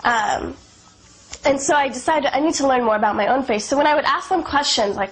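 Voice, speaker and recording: A woman's voice: high-pitched, fairly quick, low-quality recording. A young woman from Afghanistan telling her personal testimony in an earnest, conversational way, full of "you know" and "like".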